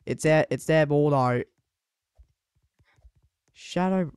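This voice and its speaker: A young man calls a live online game, his voice smooth and clear on a dry, close mic. He mutters low between plays and then bursts out in loud, high shouts. His pace is slow and drawn out. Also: dry recording. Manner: excitable, swings between muttered asides and sudden shouts. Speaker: sports commentator.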